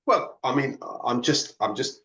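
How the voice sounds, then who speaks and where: A man's voice: mid-range voice, expressive, a little slow, sharp tone. A man co-hosting a podcast, making emphatic, wry points in casual chat. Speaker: podcast co-host. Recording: roomy, dull lo-fi remote audio.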